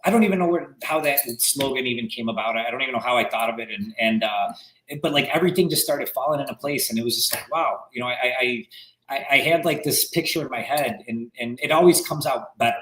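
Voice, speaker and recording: A man's voice: medium pitch, fast talker. A man talking casually as a podcast guest, rambling with many restarts and fillers. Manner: animated storytelling, acting out quotes. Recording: roomy echo.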